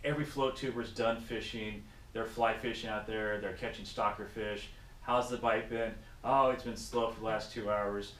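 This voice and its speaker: Casual male angler, lively storyteller, roomy sound from a distance off the mic. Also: fairly low pitch, normal speed. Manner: animated storyteller, acts out voices. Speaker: guest angler. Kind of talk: casual fishing chat. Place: in a car on the road. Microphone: action camera. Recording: echoey and distant, faint noise.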